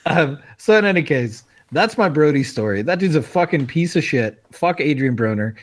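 A man's voice: a little high, animated, moderate pace. A man casually telling a crude, profane story, laid-back and often laughing. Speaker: podcast co-host telling a story. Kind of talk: casual chat.

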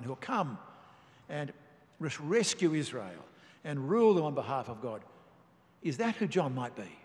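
A male preacher delivers a sermon in a measured, emphatic voice that sits a little high. He reads scripture aloud and then unpacks it. A long reverb trails behind his words, as in a large hall.

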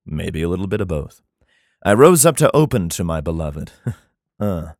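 A man's voice: deep voice, sing-song, normal speed, a little mellow, no echo, clean studio sound. A man reading an old text aloud and breaking off into crude, mocking asides and laughter. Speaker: reader giving comic commentary.

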